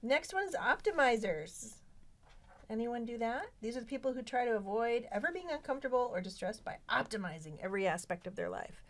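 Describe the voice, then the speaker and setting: A woman hosting a casual book club chat on a podcast, talking in an animated way. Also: on the high side, fairly quick. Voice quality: animated, mimics voices when quoting others. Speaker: podcast host.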